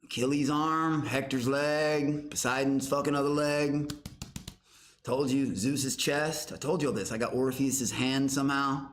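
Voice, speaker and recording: A young man hosting a livestream from his garage, loud and profane, shouting out names from chat. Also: medium pitch, fairly even intonation, unhurried, a little hiss or hum. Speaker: livestream host. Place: home garage. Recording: roomy garage echo.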